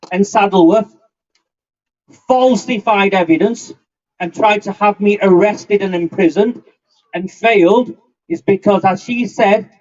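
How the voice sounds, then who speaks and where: Here a rally speaker in his 50s rails defiantly at an open-air demonstration, his anger coming through a muffled, low-quality outdoor recording. The voice is high yet somewhat dark in tone.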